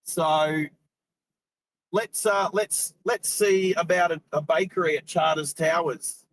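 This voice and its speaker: A man's voice: a little high, fairly even intonation, slow, no echo, low-quality recording. A middle-aged Australian man hosting a live driving stream, chatting casually and rambling, laughing often. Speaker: host. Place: inside a car.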